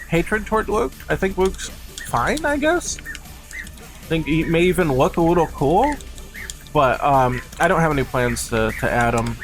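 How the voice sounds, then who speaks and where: A young man with a somewhat high voice chats casually through a live game-development stream. He walks through his design reasoning in a loose, rambling way, leaning on filler words. Faint music plays quietly behind him. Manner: rambling and explanatory, heavy on "like".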